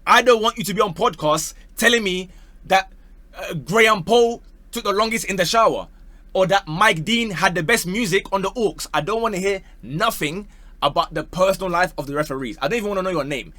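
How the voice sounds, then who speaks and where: A young man rants about football straight to camera, animated and teasing, peppering his talk with slang. His voice sits a bit high and comes across bright and forceful. The recording is close and dry, with almost no room sound. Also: fairly quick, no room sound. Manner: animated, mocking, slangy, says bro a lot. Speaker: football opinion vlogger. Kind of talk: casual ranting commentary to camera.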